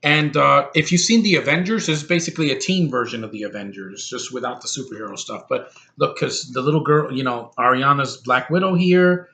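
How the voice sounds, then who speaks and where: A man with a medium-pitched, creaky voice that sounds pushed and bright gives an offhand, meandering movie review. He voices strong opinions bluntly, swears without restraint, and stumbles along with plenty of fillers and restarts.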